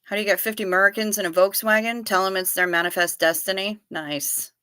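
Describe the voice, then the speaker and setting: Bright, blunt woman livestreamer. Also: medium pitch, fairly even intonation, smooth, no echo, clean studio sound. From United States. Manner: blunt, salty, quick to tease. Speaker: livestream host. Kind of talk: casual livestream chat, reading viewer comments aloud.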